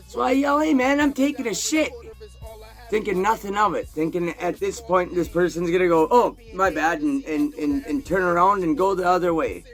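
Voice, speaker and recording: Man, profane storyteller, slightly raised pitch, animated delivery, light background music. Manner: crude, animated, swears constantly.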